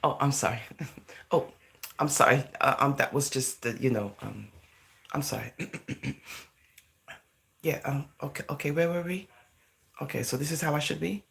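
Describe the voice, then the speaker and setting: Her voice is low and gravelly yet fairly bright, steady in tone at a moderate pace, with long pauses. An Englishwoman talking to camera, she rambles casually, dropping in "you know" and "right?" and drifting into Jamaican-style phrasing.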